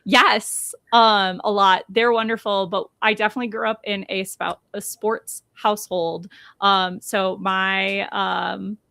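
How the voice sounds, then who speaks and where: A woman's voice: mid-range voice, flat delivery, a little slow, creaky, sharp tone, no room sound. A woman co-hosting a casual podcast, chatty and full of ums and restarts. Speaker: podcast co-host.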